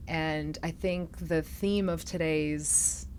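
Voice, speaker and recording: A woman hosting an intimate interview podcast, talking in a reflective, soft-spoken way that turns emotional at times. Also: deep voice, fairly even intonation, slow, slight background noise. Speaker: podcast host.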